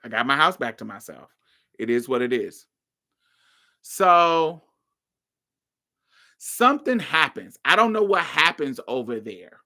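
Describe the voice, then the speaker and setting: On her podcast, a woman with a bass voice recounts a personal story bluntly and profanely, her casual telling erupting into heated outbursts. She speaks a little slowly with frequent pauses and big pitch swings, and her tone is bright and forceful.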